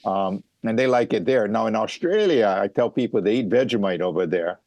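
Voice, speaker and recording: Low-voiced Hawaii man explaining calmly. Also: fairly quick, no room sound. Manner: explanatory, lots of fillers and restarts. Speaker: mango farmer guest. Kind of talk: casual interview talk.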